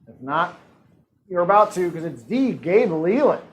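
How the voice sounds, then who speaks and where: A man hosting an online trivia night, his voice sitting a bit high and swinging up and down with a lot of life. He reads out each question and its options, then tosses off quick jokes and laughs between them. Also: big pitch swings, poor audio. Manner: jokey, laughs often, reads out multiple-choice options. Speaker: trivia host. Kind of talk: live-streamed trivia hosting.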